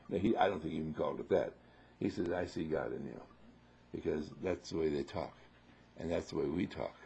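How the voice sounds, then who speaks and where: A man giving a spiritual talk to an audience, playful and repetitive, swinging from loud to hushed. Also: low-pitched, vocal fry, husky. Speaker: spiritual teacher.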